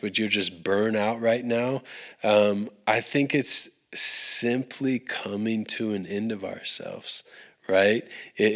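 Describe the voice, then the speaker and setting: A man's voice: lowish voice, a bit bright. A man, a podcast guest, sharing his faith story in an earnest, heartfelt way, with restarts and fillers. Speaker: podcast guest, recording artist. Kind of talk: earnest conversational faith testimony.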